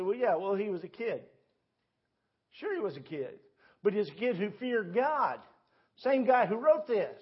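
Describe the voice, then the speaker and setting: A man's voice: high voice, breathy edge, highs cut off. A man preaching a sermon in a church, telling a Bible story in a folksy way. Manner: storytelling, folksy, with quoted voices. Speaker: pastor. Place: church sanctuary.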